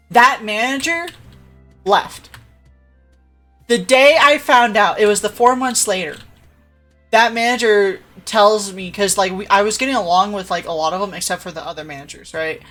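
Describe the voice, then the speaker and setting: A woman's voice: mid-range voice, normal speed, a bit bright, soft background music. A woman livestreamer telling a story in casual chat, laughing often and acting out the voices of the people she quotes.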